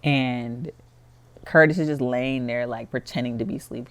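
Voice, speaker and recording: A woman's voice: very deep voice, steady tone, normal speed. A woman narrating a life-sim game in casual commentary. She tells the story in a chatty, rambling style, with "like" filling her sentences. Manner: chatty storytelling, heavy use of "like". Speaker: gameplay commentator.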